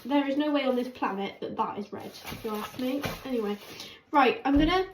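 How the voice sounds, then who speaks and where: A woman's voice: high-pitched, fairly quick. A woman chatting casually while she cooks, rambling and poking fun at herself. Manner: chatty, rambling, self-mocking. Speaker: cooking vlogger. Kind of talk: casual cooking chat. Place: home kitchen. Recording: echoey kitchen with background noise.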